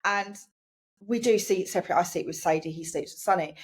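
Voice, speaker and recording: Frank, chatty mum, husky voice. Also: female voice, fairly low pitch, fairly quick. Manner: chatty, frank, acts out quoted people. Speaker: podcast co-host. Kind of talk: casual chat.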